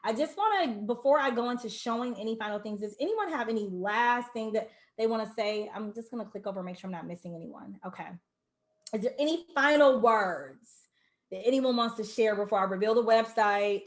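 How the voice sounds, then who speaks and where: A woman's voice: fairly high pitch, fairly quick, echoey room. A woman hosting an online launch party over a video call, effusive and emotional, greeting viewers by name.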